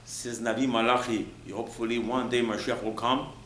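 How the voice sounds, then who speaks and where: A man giving a sermon as a rabbi, animated, often jumping up in pitch to mock people. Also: a little fast. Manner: animated, acts out mocking voices, jumps high in pitch. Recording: echoey room with faint ambient noise.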